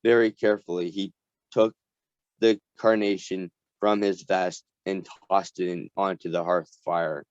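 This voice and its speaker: Slow, halting man reading aloud. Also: sits low, steady tone, darkish tone, dry recording. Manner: halting, with frequent restarts. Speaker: story reader. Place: community reading group. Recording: dull dry lo-fi recording.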